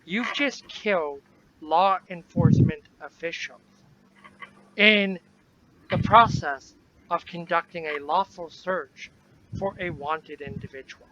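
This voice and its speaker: A man's voice: sits high, slow. A man doing a stern squad commander. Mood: accusatory. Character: stern male armed squad commander, interrogating. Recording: dull lo-fi recording, faint noise.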